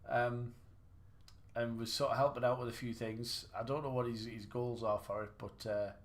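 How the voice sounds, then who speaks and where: This livestreamer talks at a normal speed with a flat delivery in a mid-range voice. He chats casually while playing snooker, mocking his own shots and restarting his thoughts in a rambling way.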